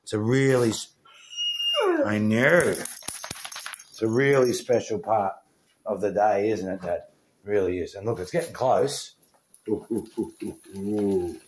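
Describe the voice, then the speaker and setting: A man's voice: on the low side, a little slow, long pauses. A man filming a home pet vlog, chatting casually and cooing to his dog in a playful sing-song voice. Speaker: pet vlogger.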